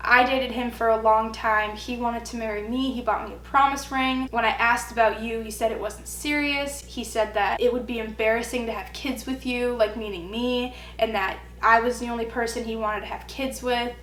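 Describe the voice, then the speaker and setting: A young woman with a fairly high voice tells a personal story to her camera, bringing the quoted lines to life. Her voice carries an echoey room sound with a faint hum behind it. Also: fairly even intonation, moderate pace, hardly any pauses, a bit bright. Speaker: vlogger. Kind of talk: storytime vlog.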